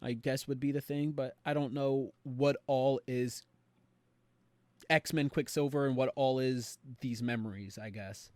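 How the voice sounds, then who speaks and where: A young man on a podcast, animatedly retelling a show with quick voiced quotes. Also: medium pitch, steady tone, darkish tone, dry recording. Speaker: podcast co-host. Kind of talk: casual recap chat.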